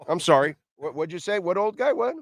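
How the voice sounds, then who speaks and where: Middle-aged guy on sports radio, kinda high voice, dry close mic, blunt and opinionated. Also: no echo. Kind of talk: sports talk radio rant.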